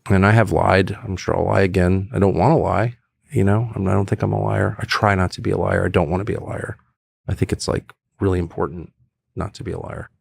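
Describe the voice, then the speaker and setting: A man's voice: low voice, steady tone, a little fast, vocal fry, husky, no echo, studio quality. A middle-aged man, a political commentator, talking bluntly and emphatically in a podcast conversation, acting out the voices he quotes. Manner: blunt, swears.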